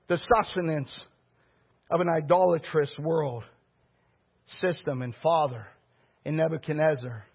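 Husky high-voiced male preacher, lo-fi. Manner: storytelling preacher, animated and conversational. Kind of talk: sermon. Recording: dull lo-fi recording.

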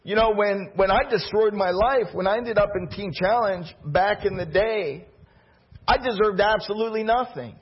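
Earnest high-voiced male preacher, husky. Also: moderate pace, dull audio. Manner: emotional, earnest, builds in intensity. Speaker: pastor. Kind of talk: sermon with prayer. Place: church.

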